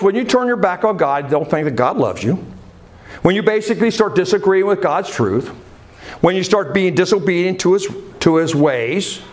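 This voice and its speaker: Man preaching with call-and-response questions. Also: medium pitch. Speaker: pastor. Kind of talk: sermon.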